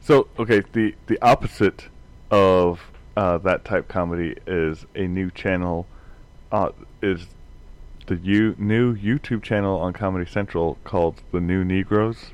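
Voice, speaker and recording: A man's voice: low-pitched, unhurried. A man in a casual group chat, telling rambling anecdotes and chuckling often as he goes.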